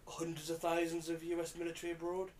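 A man's voice: fairly high pitch, monotone, fast talker, a little mellow. A man co-hosting a casual podcast chat, quizzing his friends with facts and laughing along. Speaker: podcast co-host. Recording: faint background noise.

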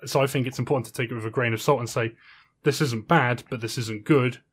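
A man's voice: medium pitch, fairly even intonation, fast talker, slightly rough. A man co-hosting a podcast in casual chat, earnestly and steadily laying out an argument. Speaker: podcast co-host.

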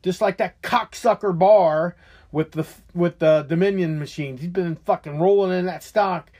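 A man's voice: sits high, moderate pace, a little mellow. A man hosting his own show, delivering a heated, profane political rant. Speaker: show host.

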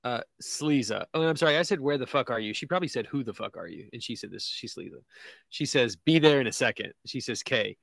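Dry, deadpan man reading memes aloud. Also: mid-range voice, brisk, creaky, dry recording. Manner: deadpan, laughs at his own reading. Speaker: podcast co-host reading memes. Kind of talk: casual chat. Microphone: video call.

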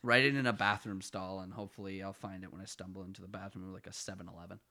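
A young man with an Ottawa Valley accent rambles through casual podcast banter, tripping over restarts and poking fun at himself. His voice sits a little low but has a bright, forward edge. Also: fairly even intonation, very fast. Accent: Ottawa Valley Canadian. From Ottawa Valley, Canada. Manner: rambling, self-mocking, stumbling restarts. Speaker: podcast co-host. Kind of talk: casual comedic chat.

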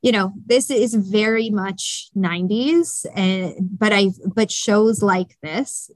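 A woman's voice: mid-range voice, slow pace, no room sound. A woman hosting a podcast in casual chat, talking things through with frequent restarts. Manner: chatty, thinks aloud with many restarts. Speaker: podcast host.

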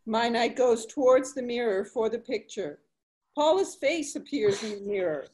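A woman with a somewhat high voice reads out stage directions. Her delivery is plain and matter-of-fact, simply setting the scene. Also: animated, moderate pace, a little mellow. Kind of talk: reading stage directions aloud.

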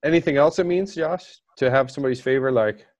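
A man's voice: mid-range voice, fast, darkish tone. A man hosting a podcast in casual chat, asking loose, rambling questions. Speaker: podcast host.

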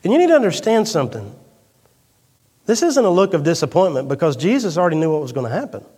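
Pastor, male, slightly high voice, dramatic preaching that drops to a hush; echoing sanctuary. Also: very animated, fast talker, slightly rough. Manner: swings from loud emphatic peaks to hushed quiet storytelling. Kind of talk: sermon. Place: church sanctuary. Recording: long reverb of a church hall.

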